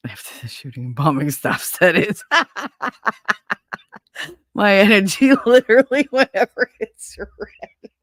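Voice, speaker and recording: A middle-aged woman hosts a casual livestream, chatting with viewers and telling a story full of laughter, swearing and acted-out quotes. Her mid-range voice is sing-song and a little slow, with frequent pauses. The sound is clean studio quality with no room sound.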